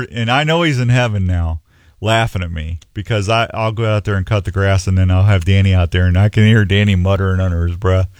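A man's voice: on the low side, moderate pace, no room sound. Man, middle-aged, radio host, casual rambling chat, folksy, dry close studio sound. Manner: rambling, folksy, self-mocking.

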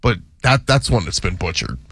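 A man's voice: sits low, huge pitch swings, moderate pace, gravelly, fairly bright tone, husky, no room sound. A man hosting a sports radio show, chatting casually and jokingly about how names are said, now and then mimicking other voices.

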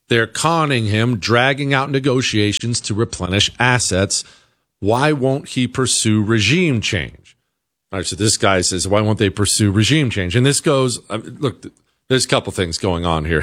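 Man, American, talk show host, opinionated monologue, very lively pitch, emphatic rhetorical questions. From United States.

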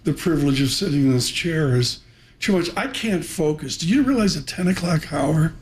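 A man's voice: fairly high pitch, lively intonation, moderate pace, a little hiss or hum. Effusive rambling male radio host. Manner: effusive, rambling, joking asides. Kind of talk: live radio talk.

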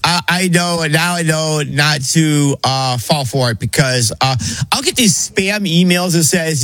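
A man on a talk show who answers in a halting, defensive way, with many restarts. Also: on the high side, a bit bright, no echo. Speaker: show regular. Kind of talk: casual talk show banter.

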